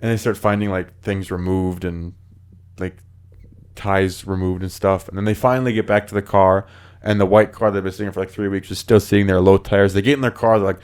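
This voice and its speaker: A man with a fairly low voice retells creepy stories in a loose, chatty podcast style. He slips into quick put-on voices for the people in each tale and fills gaps with lots of "like"s. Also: clean tone. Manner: animated, acts out quoted voices, lots of filler words. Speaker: podcast host. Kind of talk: casual storytelling chat.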